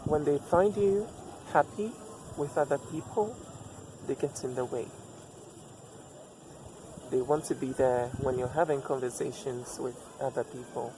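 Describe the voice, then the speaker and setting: A man's voice: mid-range voice, a little slow, long pauses. A man giving relationship advice in a reflective personal monologue, repeating himself for emphasis and asking rhetorical questions. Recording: steady background noise.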